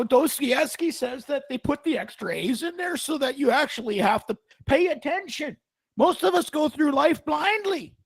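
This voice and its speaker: A shrill, preachy male lecturer holds forth with sermonizing emphasis, as a man puts him on. The voice rides very high and swings widely, recorded dry and close. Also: dry recording.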